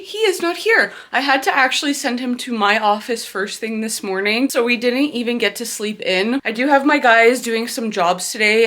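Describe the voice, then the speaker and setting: A young adult woman chatting to camera in a gushing, chatty vlog at home, with frequent "like". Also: fairly high pitch. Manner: gushing, chatty, says like a lot. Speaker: vlogger. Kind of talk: casual vlog chat to camera.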